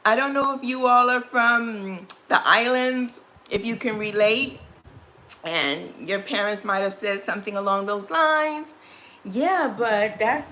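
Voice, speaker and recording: A woman's voice: medium pitch, bright, forceful tone, a little hiss or hum. A woman with a Brooklyn accent, chatting casually on a beauty livestream, rambling and restarting her phrases. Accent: Brooklyn, New York. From Brooklyn, New York.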